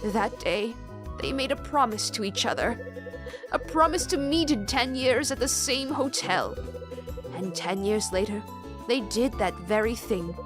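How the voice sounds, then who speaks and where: A woman voicing a gentle older woman, a retired stage performer, telling a story in a soft, measured way while reading a game aloud. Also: on the high side.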